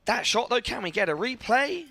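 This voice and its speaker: A man's voice: very high-pitched, sing-song, normal speed, very noisy. A young man doing playful, theatrical play-by-play commentary for an esports match.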